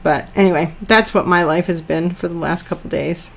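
A middle-aged woman co-hosting a podcast in casual chat, telling stories with animated acted-out quotes, speaking from a dance studio. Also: fairly low pitch, normal speed, gravelly, slight background noise. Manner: animated storyteller who acts out her own quotes.

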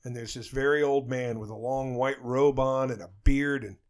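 A man's voice: mid-range voice, steady tone, normal speed. A man co-hosting a podcast, chatting casually and crudely and telling a joke at a rambling pace while laughing at his own punchlines. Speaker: podcast co-host.

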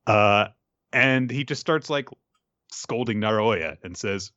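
Animated low-voiced man recapping a show. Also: slow, dry recording, muffled recording. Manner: animated storytelling, laughing often.

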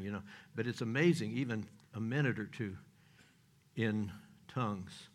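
A man's voice: on the low side, moderate pace. An older man preaching a sermon in a folksy, joking way, with loose restarts and chuckles.

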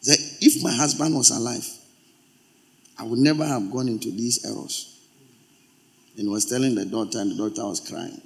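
A man's voice: mid-range voice, normal speed, vocal fry, pauses often. A male pastor preaching a sermon, emphatic and repeating his exhortations.

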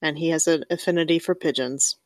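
Woman with a really low voice, excited little podcast remarks, dry. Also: fairly quick, no echo. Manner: enthusiastic, brief comments. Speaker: podcast co-host. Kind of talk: casual chat.

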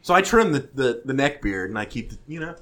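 A man chatting casually with friends, telling stories in an animated way and laughing often. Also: mid-range voice, a little fast. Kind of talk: casual chat among friends.

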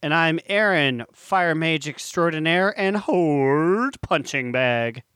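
A man co-hosting a podcast in casual chat, easygoing and quick to laugh. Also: fairly high pitch, expressive, fairly bright tone, clear, resonant tone, dry recording, studio quality. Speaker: podcast co-host.

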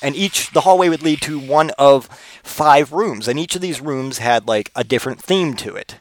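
A man's voice: mid-range voice, normal speed. A man hosting his own podcast, telling crude, rambling comedic stories and acting out voiced quotes. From Pennsylvania, US. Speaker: podcast host. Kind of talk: profane comedic storytelling.

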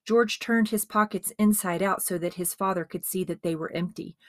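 A woman narrating a dramatized biography as an audiobook, with expressive storytelling. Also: lowish voice, normal speed, no echo, clean studio sound.

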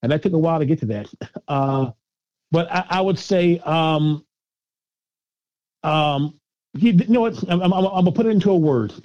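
Lively higher-voiced man, dull dry sound. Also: moderate pace, pauses often, dry recording. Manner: animated, repeats words while thinking, laughs often. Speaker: guest filmmaker. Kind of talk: casual interview answers.

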